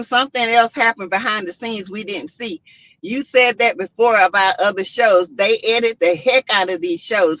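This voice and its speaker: A woman hosting a casual commentary stream, reading out chat comments and making her points with animated, repetitive emphasis. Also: fairly high pitch, no room sound. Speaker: host. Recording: dull lo-fi sound.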